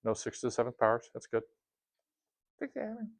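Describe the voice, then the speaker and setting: A man's voice: mid-range voice, monotone, very fast. Casual joking male math teacher. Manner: casual, joking, asks class questions. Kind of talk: classroom lesson. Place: classroom.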